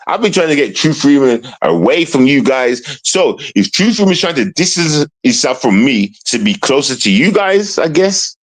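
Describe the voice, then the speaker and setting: A man's voice: medium pitch, sing-song, normal speed, hardly any pauses, poor audio. Rambling man streaming live. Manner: rambling, mock-sad, repeatedly addressing "everybody". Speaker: livestreamer. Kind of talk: casual livestream chat to viewers.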